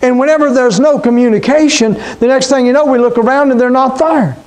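A man's voice: very high voice, brisk, darkish tone. A middle-aged man preaching a sermon as pastor, talking conversationally and calling out to the congregation.

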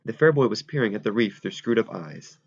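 A man reads a novel aloud in a steady, measured way. His voice is low with a gravelly fry, and the recording sounds dull and lo-fi. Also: no room sound. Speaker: audiobook reader.

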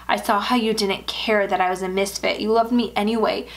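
A woman's voice: mid-range voice, steady tone, brisk, close to an everyday voice. Deranged elf-costumed stalker, obsessive and clingy, pleading in an unhinged way, as a woman narrator puts him on in a storybook reading, mid-range voice. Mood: doting.

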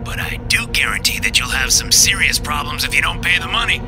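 A sly, smirking dark-web fixer as a narrator puts him on, taunting over a phone with a raised voice that slips into a half-whisper. Music plays clearly underneath. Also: male voice, on the high side, expressive, a little fast, voice pushed up. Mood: smug taunting. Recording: clear music bed behind.

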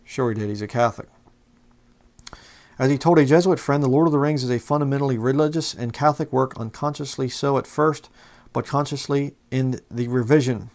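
A man's voice: mid-range voice, a little fast, a little mellow. Fired-up preaching man. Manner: passionate, fired-up, mocking; reads quotes aloud from books. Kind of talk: fiery religious commentary video.

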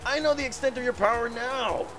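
A man's voice: very high-pitched, fairly quick, voice pushed up. A man voicing a pleading adult male villain team leader, raised and stumbling as he reads the game text. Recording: video game music underneath.

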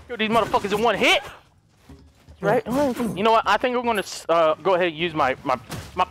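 A young man giving excited co-op gameplay commentary, loud and shrieking with swearing outbursts. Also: high-pitched, brisk. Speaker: gaming YouTuber.

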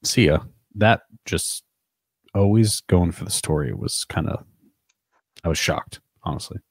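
A man co-hosting a podcast, talking casually in halting phrases that trail off. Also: deep voice, breathy edge, no room sound, clean studio sound. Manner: halting, trails off with "I don't know". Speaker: podcast co-host. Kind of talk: casual chat.

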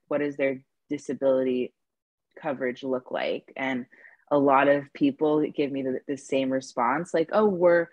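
A woman's voice: extremely low pitch, no room sound, muffled recording. A woman who stutters, speaking as an advocate on an online panel, with repeated words and restarts.

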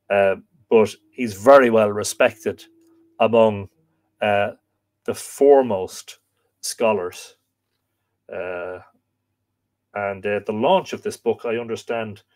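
A man hosting a live stream, chatting casually, rambling with many fillers and restarts as he reads viewer comments. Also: on the low side. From Ireland. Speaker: host of a live stream on Irish mythology.

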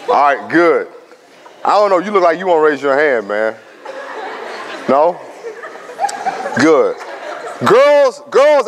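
There's a little hiss or hum, plus long reverb from the large school hall, as a thirties guest speaker motivates high schoolers. He brings his stories to life, imitates quoted voices, and trades banter with the room.

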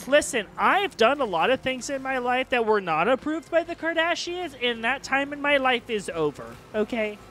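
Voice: high voice, lively intonation, moderate pace, few pauses, a bit bright, a little hiss or hum. A streamer doing a breezy California valley girl. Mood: airy. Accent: California valley girl (put on). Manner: filler-heavy "like", breezy uptalk. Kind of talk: joking accent bit during a fishing game stream.

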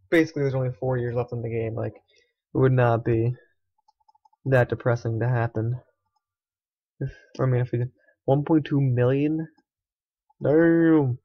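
A young man talks through his strategy game session in a casual, sarcastic ramble, dropping curses and half-muttered complaints. His voice sits at an ordinary male pitch. The recording is dry and slightly muffled, like a home desktop mic. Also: dry recording. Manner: sarcastic, swears, mutters to himself. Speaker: gaming let's player. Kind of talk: casual gameplay commentary.

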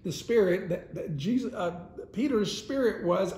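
A man's voice: sits high, moderate pace, hardly any pauses, darkish tone, slight background noise. A man teaching a Sunday school lesson in a casual, conversational way, often chuckling as he retells the story. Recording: roomy echo.

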